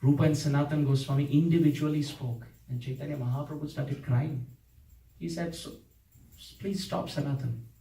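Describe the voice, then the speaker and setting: A man's voice: a little high, steady tone, normal speed, vocal fry, dark tone. Dramatic male storyteller in an echoey hall. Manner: dramatic storytelling, voices the saints' dialogue with rising emotion. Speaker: spiritual teacher. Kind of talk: devotional storytelling lecture. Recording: echoey room, voice from a distance.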